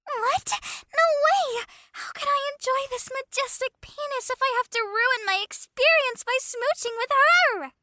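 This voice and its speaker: A woman's voice: very high voice, measured pace, few pauses, bright, forceful tone, a little hiss or hum, heavily acted. A woman voicing a petulant, needy young monster girl who protests and argues. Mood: whiny. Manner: whiny, protesting.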